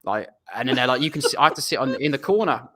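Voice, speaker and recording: A man's voice: medium pitch, expressive, quick pace, pushed and bright, slight background noise. A young English man, a footballer guest, telling a long rambling anecdote in a casual, self-deprecating way. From England. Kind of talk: casual storytelling.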